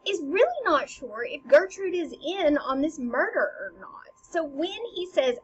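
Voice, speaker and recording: A woman teacher talks casually and lively, with a high voice. The sound is a little dull and has a faint hiss behind it. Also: measured pace, few pauses. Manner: lively, casual, with fillers and acted quotes. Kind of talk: lesson explaining a play.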